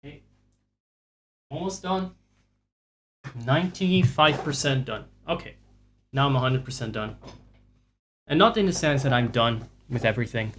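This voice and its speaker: A man's voice: medium pitch, lively intonation, moderate pace, long pauses, a bit bright, slight background noise. A man streaming live and chatting casually with viewers, rambling, sarcastic and profane.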